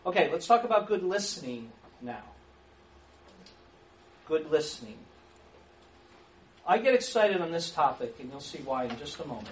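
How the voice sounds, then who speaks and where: A man teaching a church class on counseling, lively and acting out sample questions, with an occasional chuckle. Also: fairly high pitch, moderate pace, pauses often. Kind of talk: church training lecture. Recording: echoey room from far off, faint hiss.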